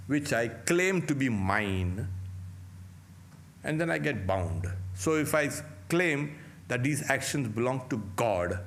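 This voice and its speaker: A man, a monk, giving a lecture on scripture in slow, deliberate phrases with long pauses, asking rhetorical questions and answering them himself. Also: medium pitch, fairly bright tone, a little hiss or hum. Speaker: monk teaching scripture class.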